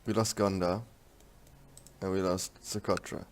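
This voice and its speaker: A man's voice: sits low, little pitch movement, measured pace, a little hiss or hum. A man giving casual gameplay commentary on a strategy game, thinking aloud in a rambling, frank way. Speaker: strategy game let's-player.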